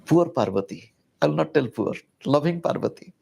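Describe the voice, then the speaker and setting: A man giving a public spiritual talk, telling a story in an animated, conversational way with casual asides. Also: fairly high pitch, moderate pace, gravelly, slightly rough. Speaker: spiritual teacher.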